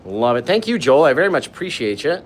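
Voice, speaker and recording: A man's voice: mid-range voice, very animated, fast, roomy sound, distant mic, a little hiss or hum. A man in his forties hosting a live painting lesson, enthusiastic and playful as he reads viewers' comments aloud and jokes with them. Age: 40s. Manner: enthusiastic and playful, joking and gushing. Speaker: painting instructor and live stream host. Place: painting studio.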